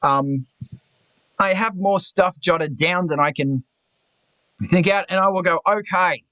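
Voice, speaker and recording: A man on a video call talks in a bright, forceful voice that sits a little high for a man. His talk is blunt and full of swearing, and it rambles through self-mocking asides. The sound is dry and close, with no room echo. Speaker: host of artists' talk stream. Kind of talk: casual group video chat.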